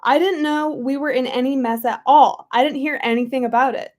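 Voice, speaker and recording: A man's voice: very high-pitched, steady tone, a little fast. A woman reading aloud as an indignant older male engineer who insists in emphatic denials that nothing is wrong.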